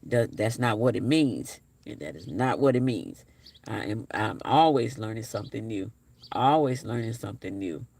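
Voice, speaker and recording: Tired, gravelly man chatting live. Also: on the low side, a little mellow. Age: 40s. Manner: repeats his phrases, talks straight to the chat. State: low energy, flat and tired-sounding. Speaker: livestream host. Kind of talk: casual live-stream chat, reading viewer comments aloud.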